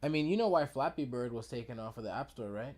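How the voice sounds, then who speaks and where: A man's voice: medium pitch, lively intonation, quick pace, a little mellow. A man co-hosting a podcast, telling rambling stories in casual, profane chat. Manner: swearing, rambling storytelling. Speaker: podcast co-host.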